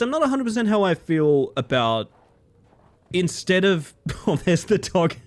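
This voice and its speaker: A man chatting casually and excitably while livestreaming a game, swearing freely. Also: high voice, a little slow. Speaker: game streamer. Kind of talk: casual gaming livestream chat.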